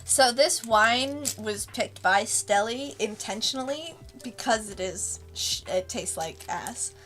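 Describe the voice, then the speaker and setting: A woman's voice: on the high side, animated, slow pace, a bit bright, soft background music. A woman, a webcomic creator, giving a casual, rambling commentary and laughing often between thoughts. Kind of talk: casual director's commentary stream.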